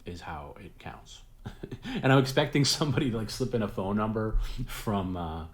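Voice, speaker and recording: A man's voice: on the low side, animated, normal speed. A man hosting a late-night stream, chatting casually in a rambling way, often repeating his words and laughing at his own jokes. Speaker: host.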